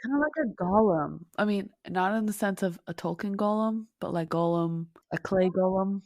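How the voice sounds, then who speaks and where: A woman's voice: mid-range voice, normal speed, a little mellow, dry recording, clean studio sound. A woman co-hosting a podcast in casual chat, reacting playfully and joking along. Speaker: podcast co-host.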